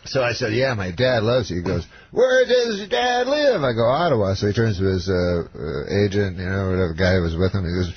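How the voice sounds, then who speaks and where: A man telling a long deadpan story as a radio guest, halting and rambling with many filler sounds. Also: sits low. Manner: rambling, halting storytelling with many uhs, does voices for quoted people. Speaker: comedian guest. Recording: muffled, faintly noisy radio recording.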